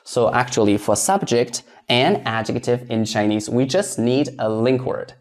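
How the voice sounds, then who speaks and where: A man teaches a grammar lesson in a methodical, step-by-step way. He asks the learner questions, then says each example sentence slowly twice so it can be copied. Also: medium pitch. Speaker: Chinese language teacher.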